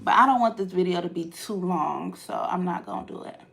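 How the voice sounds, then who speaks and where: A woman vlogger from Ohio, telling stories casually to her live chat and swinging from hushed asides to loud outbursts. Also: on the low side, fairly quick, gravelly.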